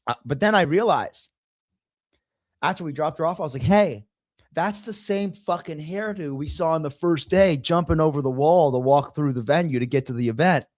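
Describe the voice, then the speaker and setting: A man's voice: on the high side, normal speed, a little mellow, no room sound. Profane storytelling man, dry close sound. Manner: profane, acts out the voices of others in his story. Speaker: guest telling a story. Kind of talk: casual storytelling.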